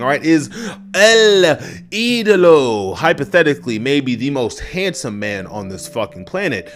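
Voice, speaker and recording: A man casually reviewing a wrestling show on his own, swearing freely, talking to his chat and breaking into loud yelled asides. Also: medium pitch. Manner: animated, profane, addresses chat, bursts into loud yelled asides. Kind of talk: casual solo review rant.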